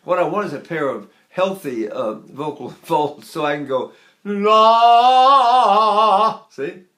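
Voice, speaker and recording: A man in his eighties giving a spoken voice lesson in an unhurried, explanatory way, now and then singing or breathing to demonstrate. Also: fairly high pitch, animated. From United States. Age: 80s. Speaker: voice teacher.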